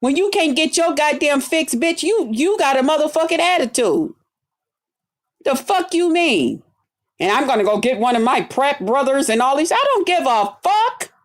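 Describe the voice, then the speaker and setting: A woman's voice: high voice, sing-song, moderate pace. A woman ranting angrily at her viewers on a livestream, cursing and confrontational, stretching out words for emphasis. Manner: angry, profane, confrontational. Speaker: streamer addressing her viewers. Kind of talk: heated livestream rant.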